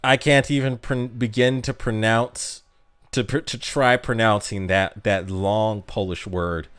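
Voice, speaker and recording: A man's voice: lowish voice, steady tone, a little slow, fairly bright tone, clean tone. A man streaming live, chatting casually with viewers, reading out their comments, laughing often and tripping over his words.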